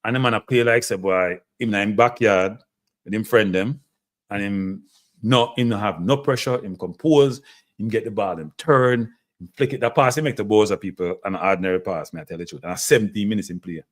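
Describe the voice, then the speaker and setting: A man with a Jamaican accent hosting a live stream, talking football in an excitable, emotive way and laughing often. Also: on the low side, brisk.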